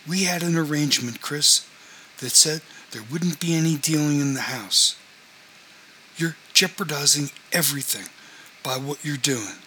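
A man's voice: fairly high pitch, measured pace, pushed and bright, a little hiss or hum, poor audio. A man reading a novel aloud, voicing a confrontational man who lays down rules for his housemates in a firm, demanding way.

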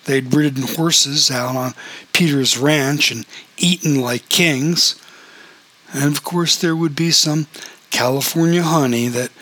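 A man reading an audiobook in a steady, even storytelling voice. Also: mid-range voice. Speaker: audiobook narrator.

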